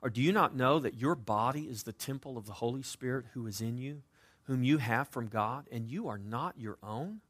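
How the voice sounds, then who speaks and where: A man preaching a sermon as pastor, with dynamic delivery that moves between loud emphasis and quiet, conversational asides. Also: mid-range voice, moderate pace. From United States.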